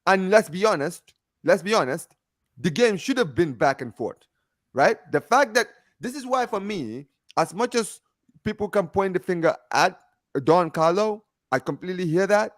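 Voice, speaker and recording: A man co-hosting a casual football debate over an online call, animated and emphatic, often asking if you understand what he's saying. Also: high-pitched, moderate pace, no echo, clean studio sound. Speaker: football podcast co-host. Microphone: home mic over internet call.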